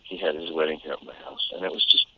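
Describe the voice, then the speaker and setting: A man's voice: very deep voice, fast, a little hiss or hum. An American man, a voice actor, chatting and telling stories in an interview, laughing often and restarting his sentences. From United States. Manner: animated storyteller, laughs often, frequent restarts. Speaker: voice actor guest. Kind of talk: casual interview chat. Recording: tinny phone-like line.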